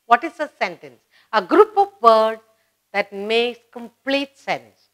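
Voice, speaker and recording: A woman explaining an English grammar lesson, slowing down and stressing key words as she teaches. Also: on the high side, very animated. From India.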